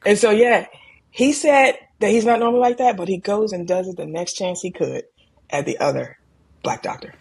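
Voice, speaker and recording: A middle-aged woman, an emergency room doctor, telling stories from her work in a calm, candid way and livening up when she quotes people. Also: medium pitch, moderate pace, creaky, slightly rough. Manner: calm, candid, animated when quoting others. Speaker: ER physician guest. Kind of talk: conversational storytelling.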